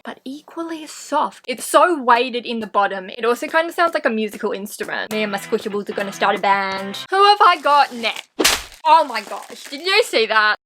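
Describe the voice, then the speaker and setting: A woman with an Australian accent gushing with excitement in an unboxing vlog, her voice going high and squeaky. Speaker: vlogger.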